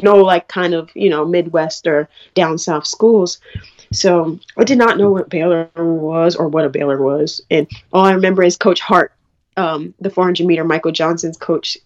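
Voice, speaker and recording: A young woman from New York, a college track athlete, recounts her story candidly in an interview, quoting people along the way. Her voice is lowish and darkish in tone, her pace moderate, and the recording's highs are cut off.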